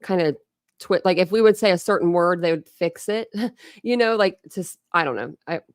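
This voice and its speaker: A woman from Ohio, whose accent carries some Philadelphia influence from family, hosts a live stream commentary channel and chats loosely with viewers, rambling with lots of fillers and frequent laughter. Her voice sits on the low side and is animated, clear and resonant at a normal speed. The studio-quality recording has no room sound.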